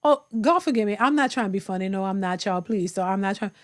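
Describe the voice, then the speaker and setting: A woman's voice: medium pitch, animated, fast talker. A woman hosting a reaction channel, giving sassy, incredulous commentary straight to her viewers.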